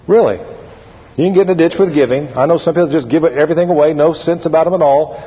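Male pastor, husky, higher-pitched, lively sermon delivery, lo-fi church hall recording. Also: quick pace. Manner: animated preaching, drawling, repeating phrases for emphasis. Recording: lo-fi recording with long hall reverb.

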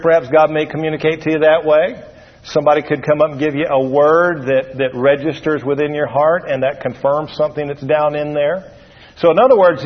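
This dull lo-fi recording, heavy with long hall reverb, captures a man preaching in church and urging his congregation to respond. He speaks emphatically and repetitively in a fairly high, slightly rough voice.

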